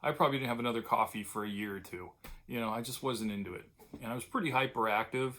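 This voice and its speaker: An older man from California, talking straight to his own camera in a loose, digressive way, full of fillers and restarts. His voice sits at an everyday middle pitch, and he turns wistful and tender when he recalls friends he has lost. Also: fast, bright, forceful tone, a little hiss or hum. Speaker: vlogger. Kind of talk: casual reminiscing monologue.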